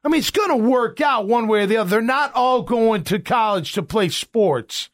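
A middle-aged man hosting a sports talk show, ranting in an animated, exasperated way. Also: very high-pitched, normal speed. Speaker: sports radio host.

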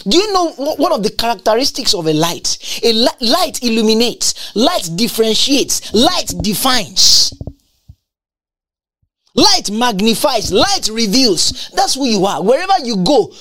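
A woman delivering a sermon with fervent emphasis. She repeats key phrases and quotes scripture. Her pitch sits high and swings with animation. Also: a bit bright. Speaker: preacher.

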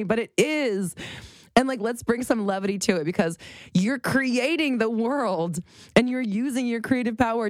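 A woman's voice: deep voice, a little mellow, no echo, studio quality. A woman around forty gives an unscripted motivational monologue as a life coach, emphatic and profane, often breaking into laughter.

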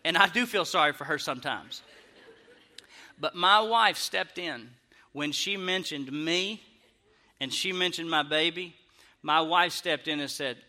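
A young adult man tells a stand-up story, laughing and mocking himself as he goes. His voice sits fairly high. His tone is very bright and sharp. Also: unhurried, pauses often. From Arkansas, US. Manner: animated, laughing, self-mocking. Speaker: comedian.

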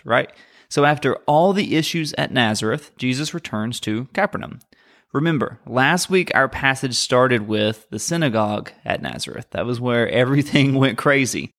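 A man's voice: medium pitch, a bit bright. A man giving a verse-by-verse Bible teaching in a conversational tone, with wry asides.

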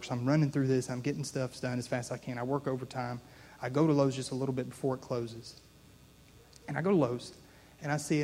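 A man's voice: mid-range voice, a little mellow, a little hiss or hum. A young man preaching a sermon, telling a personal story in an earnest, conversational way and building to a call to his listeners.

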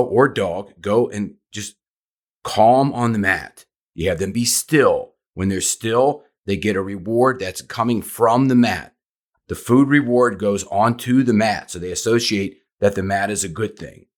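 Low-voiced man hosting a dog podcast. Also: unhurried. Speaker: podcast host and dog trainer. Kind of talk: conversational interview.

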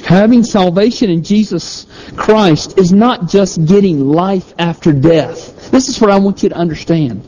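A man preaching a sermon, slow and emphatic, repeating key phrases over and over. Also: high-pitched, dark tone, muffled recording, a little hiss or hum. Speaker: pastor.

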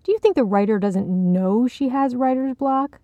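A woman's voice: on the high side, moderate pace, warm tone, no room sound, dull audio, pitched above the performer's own voice, natural voice. A woman reading the part of Ted, a bold, insistent man who scoffs, in a short story. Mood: scoffing. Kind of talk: audiobook character reading.

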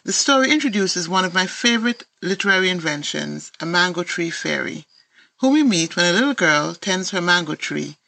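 A woman's voice: on the low side, gravelly, pushed and bright, no room sound, low-quality recording. A woman from Antigua with an Antiguan accent, an author reading her own children's picture books aloud in lilting storybook narration.

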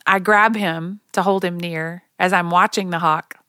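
A woman's voice: lowish voice, steady tone, a little slow, sharp tone, clear, resonant tone, no echo, studio quality. A woman from Oklahoma telling a chatty, self-deprecating story in a casual monologue, laughing now and then as she talks.

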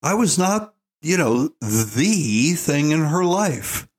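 With a fairly high, sing-song voice, an older American man talks slowly through an opinionated parenting monologue. His style is folksy and emphatic, and he refers to listeners as "folks."

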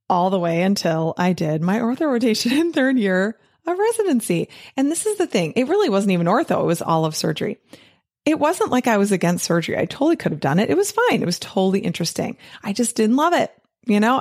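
A woman's voice: medium pitch, darkish tone, no room sound, clean studio sound. A middle-aged woman hosting her own podcast, talking casually and animatedly, pleading playfully with her listeners. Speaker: podcast host and physician coach. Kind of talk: casual solo podcast talk.

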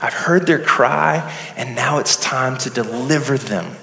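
Guy doing god talking from a burning bush, slow and commanding, echoey hall. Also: mid-range voice, creaky, bright, forceful tone, slight background noise. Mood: solemn. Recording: echoey hall with long reverb.

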